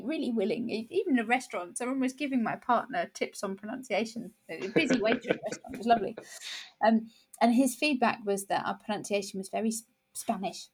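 Husky-voiced woman chatting. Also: medium pitch, a little mellow. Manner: thoughtful, with frequent restarts and ums. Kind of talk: casual conversation.

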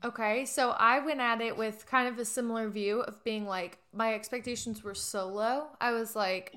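A woman's voice: fairly high pitch, fairly even intonation, normal speed, hardly any pauses, bright, forceful tone. A woman co-hosting a casual podcast chat, chatty and eager. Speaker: podcast co-host.

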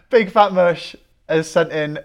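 A man's voice: a little high, very slow. A man hosting a podcast, reading out listener questions and laughing along with his guest. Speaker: podcast host. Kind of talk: casual podcast interview.

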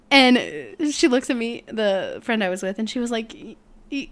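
Young woman, casual storyteller, lively and expressive, pitch a bit high. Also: quick pace. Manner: animated storyteller, acts out customers in voices. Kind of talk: casual chat.

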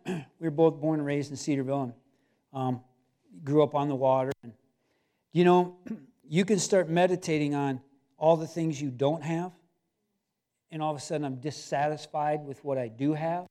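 A man's voice: fairly high pitch, moderate pace, pauses often, mellow. A middle-aged man preaching a sermon in a loose, conversational way, with asides and restarts. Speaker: pastor.

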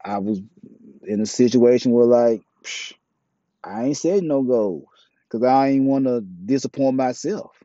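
Blunt, profane man with a dark voice. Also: medium pitch, a little slow, pauses often, dry recording. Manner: blunt, profane, preachy street talk. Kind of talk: casual monologue, opinionated. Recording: dull, dry, lo-fi mic.

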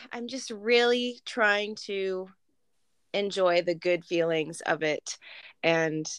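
A woman in her thirties talks candidly and thoughtfully, pausing with small fillers. Her voice is bright and smooth. The sound is dry and close. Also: mid-range voice, flat delivery, dry recording. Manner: reflective, open, hesitant with fillers. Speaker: podcast co-host. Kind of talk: casual chat.

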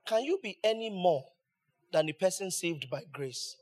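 A male pastor with a high-pitched voice delivers a sermon, pressing his points with rhetorical questions and rising emphasis. He speaks as the regular preacher of his congregation. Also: lively intonation, moderate pace, a little mellow.

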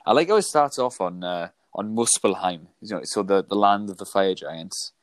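A man's voice: deep voice, normal speed, dry recording. A man co-hosting a podcast, reviewing films in casual chat, thoughtful and hesitant with many fillers. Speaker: podcast co-host.

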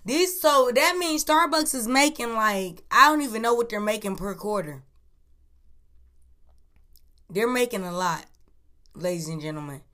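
A woman hosting a casual news chat podcast, talking in a profane, lively way and recorded on an iPhone. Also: on the high side, measured pace, pauses often. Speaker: podcast host.

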